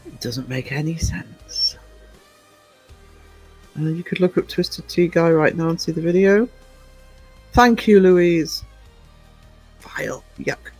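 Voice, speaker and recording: British male channel host, casual and digressive, voice sits a little high. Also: takes it slowly, long pauses, a little mellow, husky, faint music behind, poor audio. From United Kingdom. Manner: chatty, rambling, digressive. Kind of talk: casual livestream chat.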